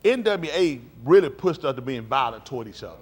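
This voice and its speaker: A man's voice: medium pitch, brisk, slightly rough. A man preaching a live-streamed sermon in an emphatic, conversational style, drawing call-and-response from his congregation. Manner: animated, swings between quiet and loud.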